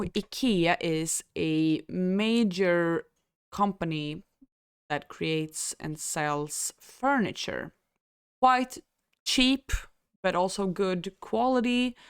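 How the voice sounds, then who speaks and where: A woman from Sweden explains words and customs to beginners at an easy, unhurried pace. Her voice is smooth and clear, sitting a little on the lower side, recorded dry and close. She talks thoughtfully, with small pauses and fillers. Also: no room sound. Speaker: language teacher. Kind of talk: explaining language and culture.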